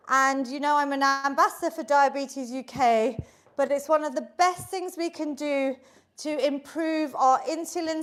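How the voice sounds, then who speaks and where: A woman leading an online exercise class, upbeat and encouraging, counting down reps and a little out of breath from moving along. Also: high voice. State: slightly out of breath while exercising. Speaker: fitness instructor. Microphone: video call setup.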